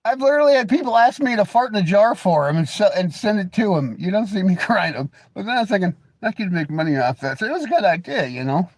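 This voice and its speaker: A man's voice: high-pitched, sing-song, quick pace, few pauses, no echo. A man with an American accent hosting a livestream, teasing and crude in casual banter. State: coughing. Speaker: livestream host.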